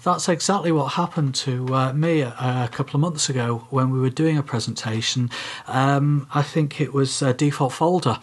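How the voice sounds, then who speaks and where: A man's voice: medium pitch, moderate pace, husky. A man co-hosting a casual podcast, explaining things step by step with frequent ums and uhs. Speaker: podcast co-host. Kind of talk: casual tech podcast chat.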